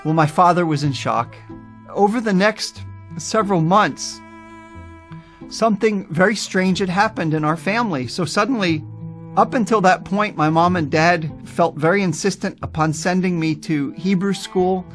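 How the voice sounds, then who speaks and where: A man's voice: high voice, moderate pace, soft background music. Earnest man telling his testimony. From United States. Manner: earnest, animated, acts out quoted voices. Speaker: speaker giving a personal testimony. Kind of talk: personal testimony storytelling.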